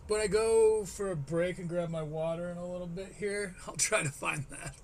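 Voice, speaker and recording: A man's voice: high voice, moderate pace. A man from the United States commentating live on stream, sarcastic, swearing and critical. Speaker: streamer reacting to a comedy special.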